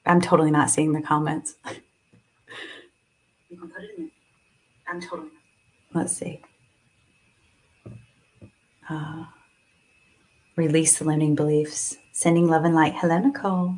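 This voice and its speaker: A woman's voice: sits low, breathy edge. A woman guiding a live tapping and breathing session, speaking soothingly and coaxingly, with sighs and moments of emotion.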